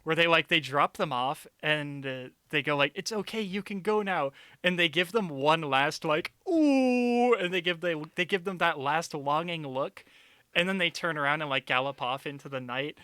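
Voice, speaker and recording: Young man, streamer, animated sarcastic rant, bright high voice, dry close mic. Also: normal speed, clear, resonant tone, no echo. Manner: animated, sarcastic, swears a lot. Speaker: streamer, co-host. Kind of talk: casual chat, film rant.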